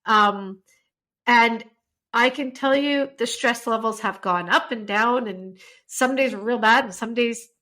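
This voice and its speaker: A woman hosting a podcast, talking in an eager, chatty way. Her voice sits a touch high and rings bright and forceful. She laughs easily between questions. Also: measured pace. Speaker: podcast host. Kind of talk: casual interview chat.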